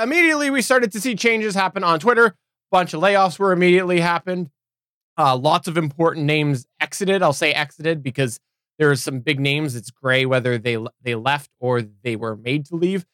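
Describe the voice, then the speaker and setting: A man's voice: a little high, moderate pace, a bit bright, smooth, no echo, studio quality. A man co-hosting a geek news podcast, talking casually and often restarting his phrases. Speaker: podcast co-host. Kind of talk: casual chat.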